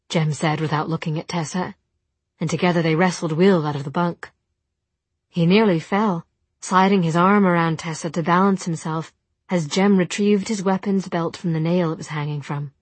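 A woman narrating an audiobook in a soft, measured storytelling manner. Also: fairly low pitch, fairly even intonation, slightly rough, no room sound. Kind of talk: audiobook reading.

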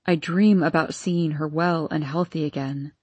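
A woman reading an audiobook, voicing an anguished, devoted husband who pleads with a grief-choked, breathy, lowered voice. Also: steady tone, moderate pace, a little mellow, no room sound. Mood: pleading, anguished. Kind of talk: audiobook character voice.

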